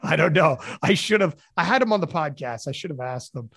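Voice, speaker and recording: A man hosting a podcast in casual chat, telling stories in a profane, animated way. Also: on the high side, brisk, gravelly, no echo. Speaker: podcast host.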